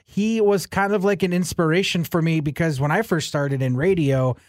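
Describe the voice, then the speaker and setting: A man's voice: fairly high pitch, normal speed, darkish tone, no echo. A radio co-host man with a dry sense of humor, chatting casually on air.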